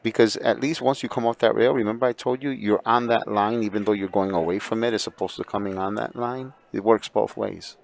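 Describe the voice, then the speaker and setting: A man's voice: on the low side, fairly even intonation, a little fast, vocal fry, few pauses. A man giving explanatory color commentary on a billiards match, breaking down shots.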